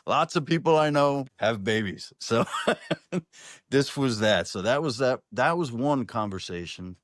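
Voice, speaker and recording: Speaking in a mid-range voice, this singer-songwriter guest is animated but unhurried. Over a video call mic with clean, echo-free, studio-quality sound, he rambles through a casual online interview, starting sentences over and addressing the host as "brother."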